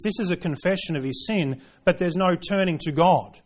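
A man preaching a sermon, reading scripture aloud and driving points home, swinging between hushed lines and forceful ones. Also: fairly high pitch, fairly quick, few pauses. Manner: reads scripture aloud in King James wording.

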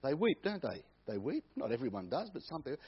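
A man's voice: on the high side, huge pitch swings, fast, husky. A man preaching a sermon, repeating key phrases for emphasis. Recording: dull lo-fi recording.

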